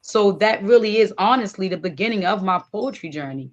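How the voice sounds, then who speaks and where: A woman guest poet speaking in a thoughtful, halting way with frequent fillers. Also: mid-range voice, expressive, muffled recording. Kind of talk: casual interview talk.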